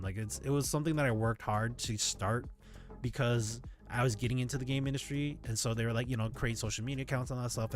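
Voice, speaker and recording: Male streamer, mid-pitched, chatty rant full of profanity, faint music under him. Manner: rambling, ranting, swears freely. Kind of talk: casual live-stream chat.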